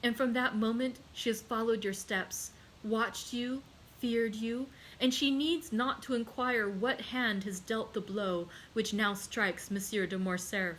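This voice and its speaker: A woman's voice: fairly high pitch, fairly even intonation, measured pace, hardly any pauses, a bit bright, slight background noise, poor audio. A woman reading aloud and voicing a despairing noblewoman and mother who pleads passionately for her son. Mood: pleading. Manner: pleading, raised and impassioned.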